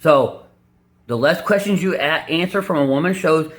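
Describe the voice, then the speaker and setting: A man's voice: moderate pace, fairly bright tone. Blunt, crude man giving dating advice. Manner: blunt, crude, mocking, with sudden high squeaky impressions. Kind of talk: casual reaction commentary.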